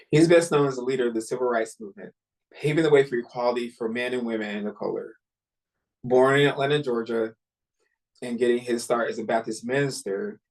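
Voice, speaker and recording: Man, podcast host, motivational self-help talk, earnest and encouraging, medium pitch. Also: darkish tone, low-quality recording. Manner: earnest, encouraging, with small restarts. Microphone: computer mic while screen sharing.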